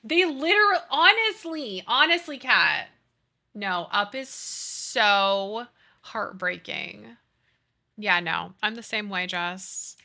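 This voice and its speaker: A woman's voice: mid-range voice, takes it slowly, gravelly. A woman in her thirties streaming a life-sim game, chatting casually with her chat about childhood and movies. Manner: chatty, animated, reads chat aloud. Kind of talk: casual chat while gaming.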